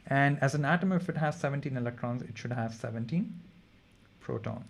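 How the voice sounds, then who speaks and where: A young man runs a relaxed exam revision session in chemistry, talking through problems as he goes. His voice sits at an ordinary middle pitch for a man. He thinks out loud and often stops to correct himself mid-sentence. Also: fairly quick, creaky. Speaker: chemistry tutor. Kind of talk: casual exam revision lesson.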